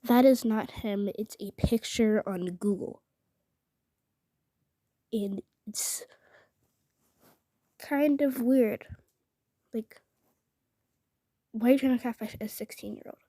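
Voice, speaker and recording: A young woman recounts a story in a mellow voice, recorded close and dry. She sounds indignant and rambles with lots of filler words. She keeps slipping into a half-whisper. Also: fairly high pitch, steady tone, slow, long pauses, dry recording. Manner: indignant, often drops to a whisper. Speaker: vlogger. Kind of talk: casual storytelling.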